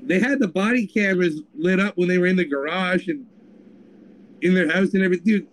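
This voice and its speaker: A man's voice: high-pitched, a little fast, poor audio. A man co-hosting a podcast, telling a story in crude, rambling casual chat. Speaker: podcast co-host.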